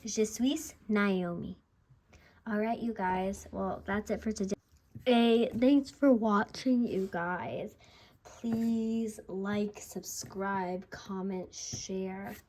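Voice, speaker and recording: A woman hosting her own channel, giving a casual beginner language lesson, chatty, repeating words and pronouncing them slowly and deliberately. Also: mid-range voice, darkish tone. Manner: chatty, repeats and restarts, slow deliberate pronunciation. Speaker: language teacher, channel host.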